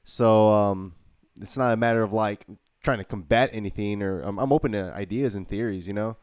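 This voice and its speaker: A man's voice: fairly low pitch, a little fast, smooth, dry recording. Laid-back young man, dry close sound. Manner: relaxed, rambling, playful teasing. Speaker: podcast co-host. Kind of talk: casual podcast banter.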